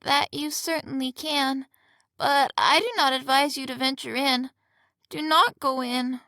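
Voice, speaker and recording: A woman voicing a sad young maiden from a fairy tale who speaks slowly and warns a traveller in a hushed, sorrowful way. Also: high-pitched, fairly even intonation, vocal fry, no room sound, exaggerated voice. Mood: sad warning.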